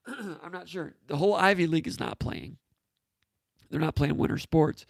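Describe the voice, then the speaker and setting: A man hosting a live sports talk show, chatting casually and offhand while answering viewer comments, his voice going hoarse. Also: a little high, normal speed, dry recording. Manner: rambling, offhand, with frequent fillers and asides.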